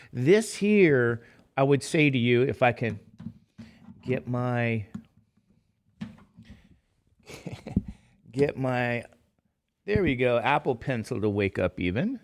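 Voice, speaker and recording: A man's voice: mid-range voice, animated, takes it slowly, long pauses. Man, middle-aged, math teacher, sleepy, rambling asides, casual lecture. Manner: rambling, self-deprecating, chatty asides. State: tired, sleepy.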